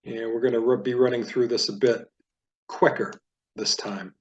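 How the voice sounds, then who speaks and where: A man's voice: mid-range voice, fairly even intonation, highs cut off. Patient man teaching Hebrew reading. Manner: patient, explanatory, repeats words slowly for learners. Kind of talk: reading practice lesson.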